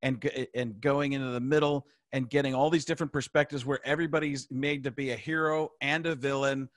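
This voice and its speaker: A man co-hosting a podcast in casual chat, quick-witted and joking, tossing in short bits of impressions. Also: mid-range voice, steady tone, dry recording, clean studio sound. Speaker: podcast co-host.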